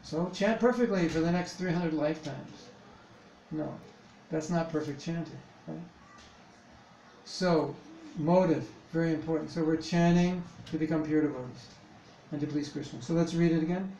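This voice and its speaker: A man leads a devotional chanting workshop in a temple hall, speaking conversationally with rhetorical questions and lots of "you know"s. His voice is fairly high, creaky and dark-toned at a moderate pace, and the lo-fi recording has an echoey hall, distant mic and background noise.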